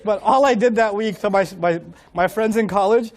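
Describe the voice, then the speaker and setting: A middle-aged man with a notably high voice, telling a funny personal story to an audience. His delivery is animated and self-mocking, and he keeps slipping into other people's voices as he goes. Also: moderate pace. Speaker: Islamic speaker. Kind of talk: humorous storytelling talk.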